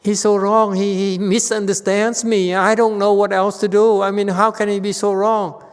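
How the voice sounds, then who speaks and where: A man's voice: sits high, flat delivery, normal speed, clear, resonant tone, pitched above the performer's own voice, natural voice. A man voicing an upset wife who complains indignantly about her husband. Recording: long hall reverb.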